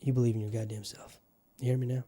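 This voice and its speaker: A man's voice: mid-range voice, flat delivery, quick pace, dark tone. A man hosting his own podcast in a put-on Southern US accent, talking in a rambling, profane, fired-up way. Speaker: podcast host. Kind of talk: casual solo podcast monologue.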